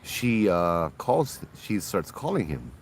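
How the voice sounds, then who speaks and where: A man with a low voice tells a ghost story in a casual, chatty way. He sounds relaxed and slips into the voices of the people in the story. He is recorded outdoors with faint noise in the background. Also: takes it slowly.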